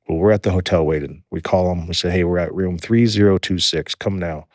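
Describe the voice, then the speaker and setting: Low-voiced man telling a wild story. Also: fairly quick, hardly any pauses, dry recording, clean studio sound. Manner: animated storyteller acting out quoted dialogue. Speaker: guest. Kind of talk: storytelling in an interview.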